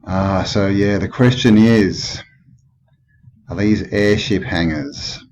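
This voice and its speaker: A man's voice: on the low side, takes it slowly, a little mellow. An Australian man giving a rambling commentary over old photos, musing and skeptical, thinking aloud with many questions. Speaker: channel host. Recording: dull lo-fi with clear background noise.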